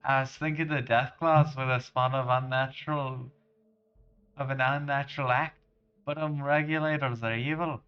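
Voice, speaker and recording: A man voicing a tough male fist-fighting trainer in a put-on Scottish accent, with rough, clipped dialect. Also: medium pitch, fairly even intonation, normal speed, muffled recording, natural voice. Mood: bitter.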